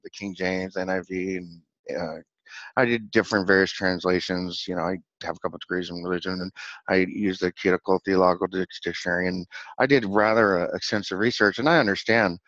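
A rambling, excitable man with a lowish voice recaps events in a casual vlog, laughing often and stumbling over repeated words. The recording is dry and somewhat dull, with a lo-fi edge. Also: fairly quick, no echo. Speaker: channel host.

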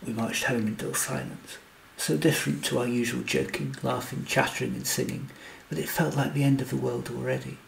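A man reading a story aloud in steady scripted narration. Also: mid-range voice, fairly quick, creaky, a little hiss or hum, low-quality recording. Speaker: audiobook narrator.

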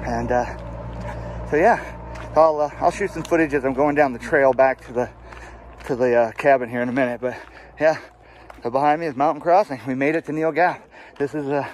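A man's voice: on the high side, slight background noise. A man vlogging outdoors while hiking, talking casually to his viewers, out of breath, with lots of fillers. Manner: chatty, addresses viewers as guys, many fillers. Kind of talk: casual outdoor vlog narration. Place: outdoors on a mountain trail.

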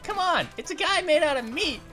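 Squeaky excitable cartoon grape dude, someone doing the voice, playing a game, jokey, yelps a lot, voice bouncing all over, faint music under it. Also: brisk. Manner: excitable, jokey, cries out at near misses. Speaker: let's play commentator. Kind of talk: cartoon character let's play commentary.

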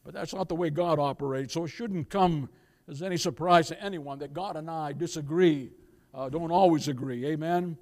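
A male pastor preaching a sermon in a church, emphatic, calling out to the congregation and swinging between loud emphasis and quiet asides. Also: a little high, moderate pace.

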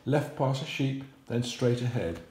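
A man's voice: animated, a little slow, echoey room, background noise, natural voice. A man whispering as sneaky cattle thieves. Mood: scheming. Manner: low whisper. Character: two sneaky male cattle thieves, scheming.

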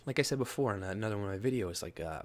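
A political commentary vlogger with a somewhat low voice races through casual, expressive commentary, laughing often. He mocks others by jumping up into a higher-pitched imitation of them.

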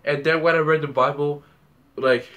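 A man's voice: a little high, fairly even intonation, moderate pace, a bit bright. A young man telling a story about a dream in a rambling way, repeating words and acting out the scenes. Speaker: vlogger.

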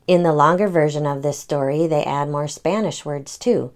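A mother in her thirties reads a picture book aloud to little ones, pausing to explain words gently. Her voice sits a bit low for a woman. She sounds patient and plain-spoken. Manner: gentle, explaining to young children. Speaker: storytime reader and parent. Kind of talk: children's read-aloud.

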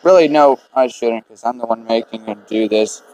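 A man's voice: medium pitch, moderate pace, a little mellow. A man giving laid-back let's play commentary, muttering to himself as he plays. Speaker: gamer.

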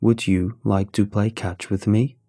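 A man voicing a slow, lifeless homemade robot with a strained, flat mechanical delivery, low and deliberate.

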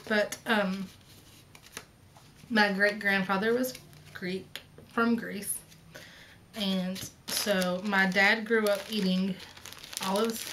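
A woman's voice: medium pitch, fairly bright tone, a little hiss or hum, low-quality recording. A woman in her thirties with a Southern accent, hosting a casual vlog in a chatty, rambling way with lots of ums and asides. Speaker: flosstube host.

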